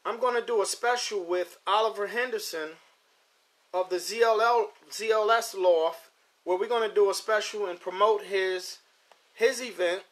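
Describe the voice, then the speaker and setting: A man's voice: high voice, normal speed, a bit bright. A middle-aged man hosting a pigeon racing live stream, talking casually in a rambling way and repeating his words as he chats with viewers. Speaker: host of a pigeon racing show. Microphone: phone or computer mic.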